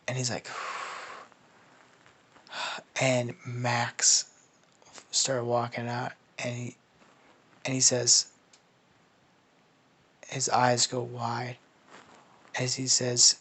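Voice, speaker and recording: A man's voice: mid-range voice, level tone, slow pace, long pauses, fairly bright tone. A man casually making up a story as he goes, rambling and swearing, with lots of restarts. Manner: rambling and profane, with many restarts and laughs. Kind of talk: casual improvised fan storytelling.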